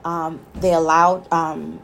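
A young woman chatting casually, expressive, with frequent affirmations. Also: low voice, slow, creaky, slight background noise. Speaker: show host. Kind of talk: casual chat.

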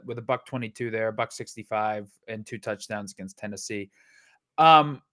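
Lively, rambling man talking football. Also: mid-range voice. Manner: rambling, self-interrupting, joking. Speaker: fantasy football podcast co-host. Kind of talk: casual sports chat.

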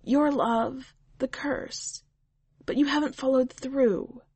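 A woman voicing a shrewd, wry witch who speaks patiently and gently, like a teacher, in a storybook reading. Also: sits high, steady tone, slow pace, breathy edge, dry recording, pitched above the performer's own voice, heavily acted. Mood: teacherly.

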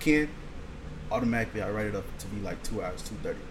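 Over some background noise, a young man speaks fast in a lowish voice with lively intonation. He's a college student who makes sketch videos, appearing as a podcast guest, and he keeps things laid-back, saying "like" often and doing impressions of his friends as he tells stories about making videos.

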